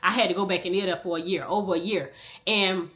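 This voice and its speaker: Young woman, candid storytime vlogger: bright, animated, slangy, loud one moment and muttering the next. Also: fairly low pitch, fast.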